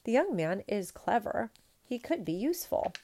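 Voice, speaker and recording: A woman reading aloud in a storybook, voicing a gentle young princess who pleads softly with her father. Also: medium pitch, very animated, normal speed. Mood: coaxing. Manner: soft, pleading.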